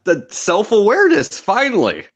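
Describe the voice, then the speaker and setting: A man's voice: sits high, wildly swooping pitch, normal speed, breathy edge. A man co-hosting a casual podcast, joking sarcastically and laughing often. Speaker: podcast co-host. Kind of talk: casual banter.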